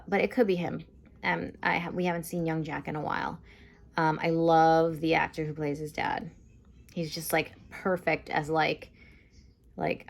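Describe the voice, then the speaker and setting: A young woman talks her way through a casual TV episode review, her speech loose and rambling with frequent "um"s and "like"s. Her voice sits a little low and carries a gravelly fry at the ends of phrases. She sounds like someone chatting informally rather than reading a script. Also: flat delivery, moderate pace. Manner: chatty, lots of fillers like "like" and "um", acts out quotes. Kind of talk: casual spoken recap and review.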